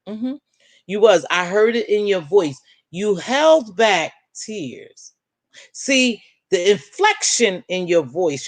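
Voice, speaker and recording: A woman hosting a live stream, chatting and reacting to her chat in an emphatic, preachy way, calling viewers "baby". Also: no room sound. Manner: animated, swings pitch up and down. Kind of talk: casual live stream commentary, reading chat.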